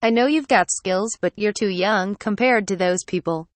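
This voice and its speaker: A woman's voice: medium pitch, moderate pace, dry recording, close to an everyday voice. A straightforward man from a fantasy audiobook, as a woman reader voices him. He explains things bluntly and plainly, with a dry, close sound. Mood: explaining.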